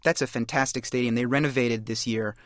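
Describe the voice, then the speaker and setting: A man's voice: medium pitch, fairly even intonation, brisk, fairly bright tone. A man talking as a studio guest, explaining eagerly and fluently. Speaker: studio guest, baseball collector. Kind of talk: interview talk.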